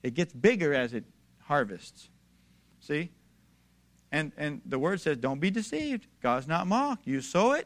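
Bright-voiced emphatic male preacher. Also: sits high, animated, normal speed. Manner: preachy, emphatic, builds to raised declarations. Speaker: pastor. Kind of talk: sermon.

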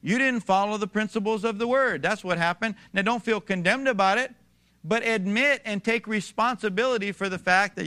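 A man's voice: sits high, moderate pace, pushed and bright, clear, resonant tone. A man preaching a sermon, emphatic and building to raised declarations, addressing his congregation directly. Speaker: pastor.

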